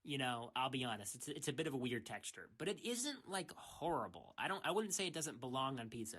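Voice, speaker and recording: A man's voice: medium pitch, big pitch swings, a little fast, hardly any pauses, fairly bright tone, husky. A young man who streams, ranting casually in a rambling way. He restarts his sentences often and keeps saying "freaking". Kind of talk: casual rant.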